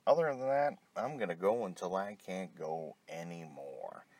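Middle-aged man, deep and animated, ranting with heavy swearing; worn-out edge. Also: moderate pace. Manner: angry, blunt, heavy swearing. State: tired. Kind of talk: profane rant to camera.

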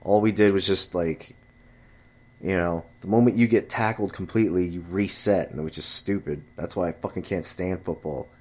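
At normal speed and with a slightly mellow tone, a man tells a casual rant about his friends and dating. The story is exasperated and full of swearing, with his voice shooting up high to imitate chatty friends and women.

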